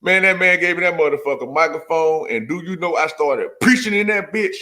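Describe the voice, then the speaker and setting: A man telling a profane, animated story full of slang in a casual chat. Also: on the high side, fairly quick.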